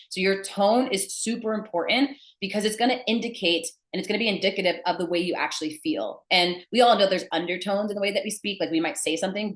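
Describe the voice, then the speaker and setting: A young adult woman teaching sales to camera in an emphatic, blunt manner. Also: lowish voice. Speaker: sales coach. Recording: echoey room.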